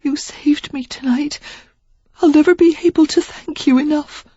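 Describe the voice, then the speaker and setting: A narrator voicing a prim young gentlewoman who is crying and gasping out her words in a high, breathy voice. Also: fairly even intonation, fairly quick, no room sound, highs cut off, lightly acted. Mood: tearful. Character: tearful young gentlewoman writer, prim and shaken.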